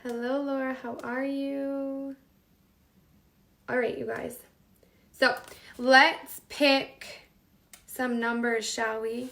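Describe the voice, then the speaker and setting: A woman with a bright, high voice hosts a live cooking stream from her home kitchen. She chats loosely with viewers, reads their names aloud and talks to herself as she works. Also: level tone, extremely slow, gravelly, pauses often, a little hiss or hum. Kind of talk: casual live-stream chat while cooking.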